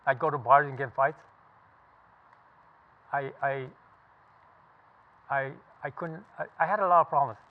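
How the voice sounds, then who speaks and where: A man's voice: medium pitch, a little slow, long pauses. A man in his seventies from California, a veteran telling his story to a group of listeners in a blunt, profane, emphatic way. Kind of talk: casual spoken recollection to a group. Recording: tinny phone-like sound.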